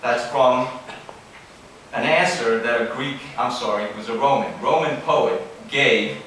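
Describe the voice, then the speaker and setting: A man's voice: mid-range voice, a little slow, fairly bright tone, slight background noise. A man in his forties giving a formal keynote speech at a banquet, earnest and advising, with asides and self-corrections. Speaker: keynote speaker. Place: large banquet hall. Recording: very echoey hall, distant mic, faint room ambience.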